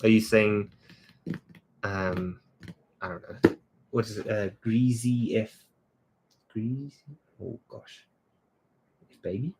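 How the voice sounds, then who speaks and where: A man's voice: lowish voice, takes it slowly, long pauses, heavy background noise. A man from South Africa, a creative director, chatting casually on a livestream, greeting viewers and answering their comments off the cuff.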